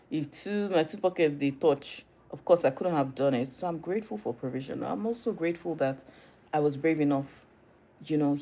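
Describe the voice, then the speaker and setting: A young Nigerian woman with a low voice, talking straight to her audience in a casual diary vlog. She is chatty and animated, laughing often and dropping in Nigerian phrases. Her voice sits a little deep for a woman. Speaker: vlogger.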